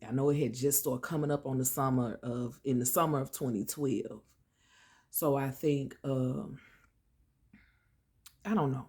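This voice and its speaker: A woman with a gravelly, husky voice tells a personal story in a relaxed, chatty way. She speaks straight to her viewers, drawing them in as she goes. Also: a bass voice. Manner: chatty, animated, addresses listeners as y'all and child. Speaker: vlogger. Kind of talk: casual storytelling.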